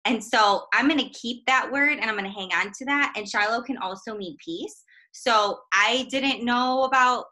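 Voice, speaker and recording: A woman with a bright, clear voice chats about her faith and family. She talks in a relaxed, self-deprecating way and laughs often. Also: on the high side, moderate pace, few pauses. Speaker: guest, minister's wife and mother. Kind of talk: casual faith conversation.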